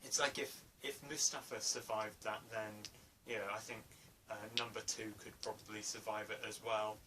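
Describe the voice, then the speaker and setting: A man's voice: fairly low pitch, flat delivery, moderate pace. A man giving a casual spoken film review, hesitant, with many fillers and restarts. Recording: distant mic, faint room noise.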